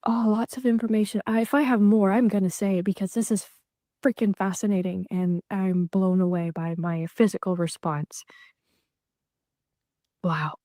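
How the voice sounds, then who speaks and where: A self-described psychic woman recording a social media clip, shaken and emotional, halting, often dropping into whispers. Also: medium pitch, steady tone, mellow, no room sound, clean studio sound. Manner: halting, shaky, slipping into whispers.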